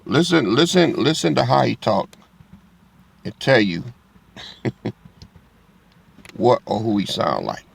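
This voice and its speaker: A man's voice: medium pitch, sing-song, slow pace, creaky, pauses often, husky. A man talking to his online viewers in a rambling, street-preacher way, addressing them directly and swearing freely. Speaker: online religious commentator.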